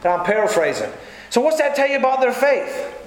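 High-voiced folksy preacher in an echoey hall. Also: male voice, big pitch swings. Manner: folksy, conversational preaching with quick asides. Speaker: pastor. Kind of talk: sermon. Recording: very echoey church hall, faint room noise.

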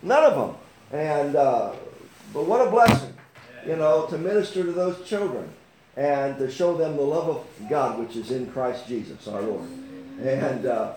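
A man in his sixties preaching a testimony sermon, halting with fillers and restarts, rising to fervent outbursts. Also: on the high side, lively intonation, background noise. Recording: roomy echo.

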